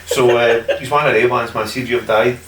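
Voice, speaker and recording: A man's voice: mid-range voice, fairly even intonation, a little fast. A Scottish man, a podcast guest, telling stories in casual chat, swearing a lot and laughing as he talks. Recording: echoey room from far off with faint hiss.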